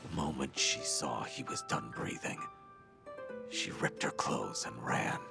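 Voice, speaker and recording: An actor voicing a weary older ex-yakuza in a video game, speaking in a slow, terse, deadpan way with a gravelly, very deep voice. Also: male voice, loud music behind the voice, heavily acted. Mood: brooding.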